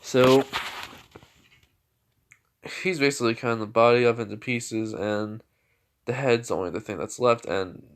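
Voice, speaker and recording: A man's voice: mid-range voice, measured pace, long pauses, smooth. A young man casually retelling a fan story in a rambling way, with many restarts and laughs.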